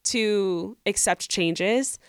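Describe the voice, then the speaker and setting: Young woman, podcast co-host, earnest and encouraging, mid-pitched, dry close sound. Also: extremely slow, clear, resonant tone, no echo. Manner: earnest, encouraging advice-giving. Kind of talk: casual advice-podcast talk.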